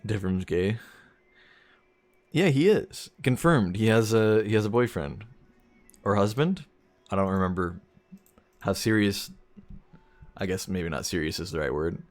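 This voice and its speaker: Low-voiced man rambling over gameplay. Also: expressive, unhurried, pauses often. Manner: rambling, chuckles at his own jokes. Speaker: streamer. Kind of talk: casual gameplay commentary.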